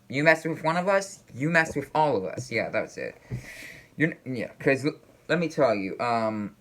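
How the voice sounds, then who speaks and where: A man talks through his reaction in loose, unscripted commentary. He rambles and stalls, stacking fillers and false starts as he hunts for his words, and his voice sits at an ordinary middle pitch. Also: a bit bright. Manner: rambling, halting, full of fillers and restarts. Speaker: reaction video host.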